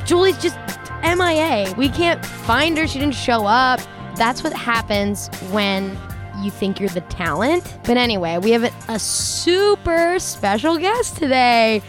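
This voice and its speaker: A woman's voice: on the high side, lively intonation, measured pace, music in the background. A woman co-hosting a podcast in casual chat, playful and teasing, laughing often on a close mic. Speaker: podcast co-host.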